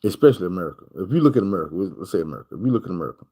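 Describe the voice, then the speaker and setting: Arkansas man with a Southern drawl, riffing casually and crudely, lively swinging pitch. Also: racing, low-quality recording. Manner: loose, profane, repetitive storytelling. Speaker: vlogger. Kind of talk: casual storytelling monologue.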